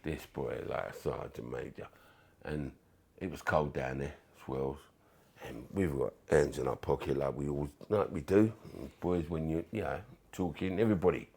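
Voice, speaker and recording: A former footballer recounting his playing days in a casual interview, animated and full of swearing, often acting out what others said. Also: extremely low pitch, vocal fry, slightly rough. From England. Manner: animated, swearing, acts out quoted voices. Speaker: former footballer, podcast guest.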